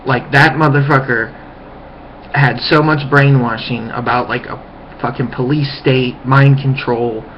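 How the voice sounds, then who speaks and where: A man's voice: mid-range voice, fairly even intonation, a little slow, a little hiss or hum. A man in a heated, profane ranting monologue, recorded on a webcam microphone. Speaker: vlogger. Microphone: webcam mic. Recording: muffled lo-fi webcam audio.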